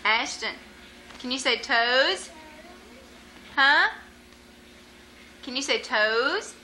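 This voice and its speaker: A woman's voice: high-pitched, animated, drawn-out words, pushed and bright, a little hiss or hum, poor audio. A woman, a mother, using coaxing sing-song baby talk with her toddler.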